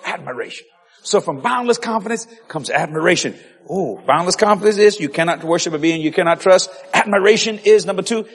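A male preacher delivering a lively sermon, shouting and laughing, stretching out key words. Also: high voice, breathy edge. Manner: animated, shouting, laughing, drawn-out emphasis.

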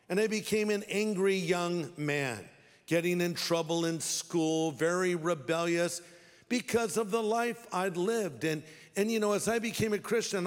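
A man's voice: sits high, big-room sound. A man preaching a sermon as a pastor, talking in a wry, direct, conversational way.

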